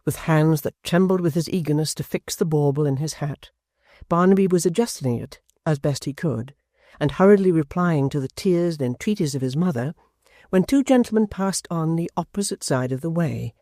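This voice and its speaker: Expressive, mellow-voiced audiobook narrator. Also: medium pitch, normal speed, no room sound, clean studio sound. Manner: steady, expressive reading. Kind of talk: scripted narration of a classic novel.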